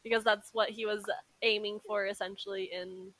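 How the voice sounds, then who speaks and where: A woman's voice: mid-range voice, level tone, normal speed, a bit bright, dry recording. A woman co-hosting a podcast in a casual book discussion, laughing often between remarks. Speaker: podcast co-host.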